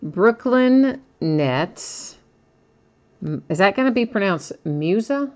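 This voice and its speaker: This card-breaking stream host has a low voice and speaks a little slowly. She opens cards live, running through their names in an even list and replying casually to viewers, addressing each by name.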